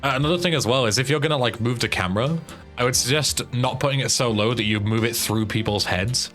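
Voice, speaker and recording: A man's voice: medium pitch, fast talker, a bit bright, soft background music. A man streaming a game, chatting casually and critiquing what he sees, swearing freely. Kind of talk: casual commentary on gameplay.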